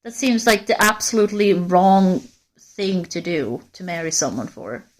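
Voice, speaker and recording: A woman chats on a live stream in a low-pitched voice, answering viewers by name. She rambles candidly, circling back and restarting her thoughts. She is out walking in a forest as she talks. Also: normal speed. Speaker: livestreamer. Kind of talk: casual live-stream chat.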